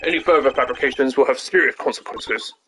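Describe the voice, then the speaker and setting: A man's voice: mid-range voice, quick pace, bright, forceful tone, slight background noise, natural voice. Man playing a smug prosecutor, haughty, formal, game dialogue read-along.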